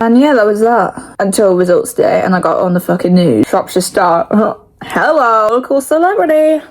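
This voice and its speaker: A woman's voice: mid-range voice, expressive, moderate pace, low-quality recording. A young woman in her late teens with an English accent, telling stories to camera in rambling, frank, sweary casual talk full of "like". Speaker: vlogger. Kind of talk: casual chatty storytelling.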